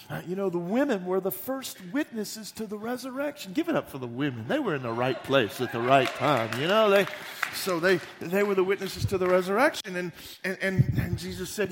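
A pastor giving a sermon, retelling scripture in a folksy, animated way with joking asides. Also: male voice, on the high side, normal speed.

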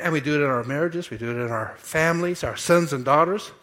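A man preaching a sermon in church, animated and playful, acting out quotes and making asides to the congregation. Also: fairly high pitch, fast talker, hardly any pauses. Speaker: pastor. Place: church sanctuary.

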